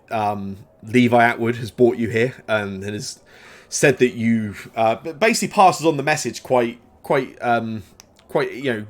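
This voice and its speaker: A man narrating as game master in a tabletop game, pausing often and restarting his sentences as he describes the scene. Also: medium pitch. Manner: hesitant, many fillers and restarts.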